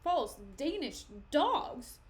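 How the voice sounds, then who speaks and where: A woman's voice: high voice, big pitch swings, drawn-out words, pitched above the performer's own voice, exaggerated voice. A woman voicing an indignant queen, read sharply and scornfully.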